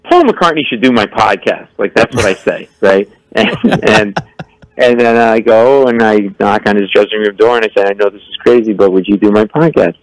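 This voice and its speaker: A man's voice: lowish voice, moderate pace, no echo, rough recording. A man, a comedian guest on a radio show, telling a story with lots of acted-out voices and mock stammering. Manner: excitable, acts out voices, stammers for effect. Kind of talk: animated storytelling.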